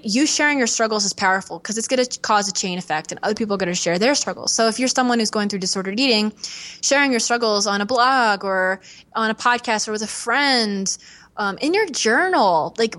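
A young woman talking openly as a podcast guest, earnest and animated, often acting out what others said to her. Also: fairly high pitch, brisk. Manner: earnest, animated, acts out quoted voices. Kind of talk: candid podcast interview.

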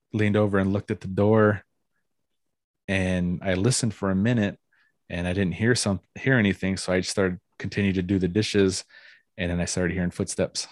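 A man with a very low voice tells a long personal story in a loose, conversational way. He circles back on himself and fills pauses with "you know". The sound is dry and close, with no room around it. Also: dry recording. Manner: rambling, full of "you know" fillers, laughs now and then. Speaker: guest telling a personal story. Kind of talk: casual first-person storytelling.

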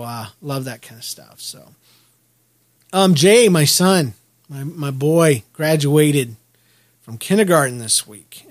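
A middle-aged man from Kansas City hosting his own podcast, talking in a candid, rambling, self-deprecating way with frequent restarts. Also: a little high. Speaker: podcast host. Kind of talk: personal podcast monologue.

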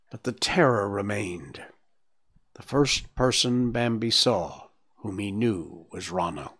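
A man narrating a storybook in a measured, dramatic reading. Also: fairly low pitch. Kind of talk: audiobook reading.

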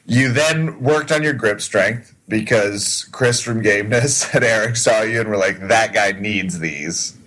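A man's voice: mid-range voice, unhurried, hardly any pauses, a bit bright, poor audio. A man in casual podcast chat, trading wry, teasing banter.

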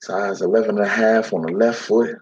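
A man's voice: lowish voice, steady tone, fairly quick, a little mellow. A man telling a dramatic first-person story in heavy dialect, slipping into the voices of the people in it. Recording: dull lo-fi recording.

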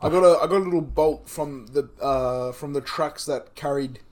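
A man's voice: a little high, normal speed. A man with a light Australian accent, co-hosting a podcast in casual, rambling chat, swearing freely and laughing often. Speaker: podcast co-host.

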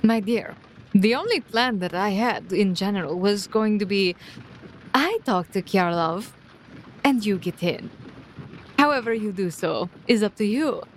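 A woman's voice: medium pitch, animated, unhurried, a little hiss or hum, close to an everyday voice. A woman playing a haughty, cruel aristocrat in a tabletop game, speaking with disdainful drawl.

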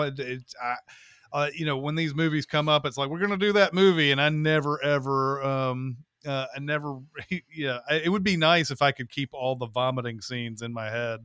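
A man's voice: mid-range voice, sharp tone, clean tone, no echo, clean studio sound. A man narrator chatting on a podcast, casual and swearing freely, with frequent restarts and laughs.

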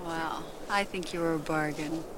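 An actress playing a sincere young woman who speaks lightly and warmly, in film dialogue over a score. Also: deep voice, steady tone, moderate pace, background noise, lightly acted. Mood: teasing.

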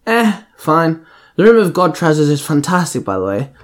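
A man's voice: on the high side, big pitch swings, moderate pace. Man voicing a sneering villainess. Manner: impatient, sneering. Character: scheming female villain, impatient and gleeful.

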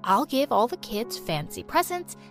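A woman voicing a gentle, loving mother in a narrated story podcast. She speaks softly and soothingly, with a lively lilt. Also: fairly high pitch, moderate pace, soft background music. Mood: tender. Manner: soft, soothing.

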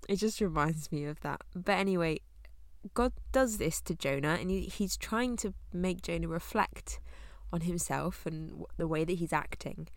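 A woman's voice: fairly low pitch, normal speed, no echo. Dry-voiced woman teaching a Bible study. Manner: conversational, laughs often.

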